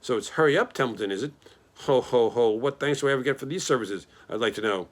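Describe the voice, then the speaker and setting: A man's voice: mid-range voice, fast talker, close to an everyday voice. A man voicing a grumpy, selfish male rat who talks in a mocking, complaining way.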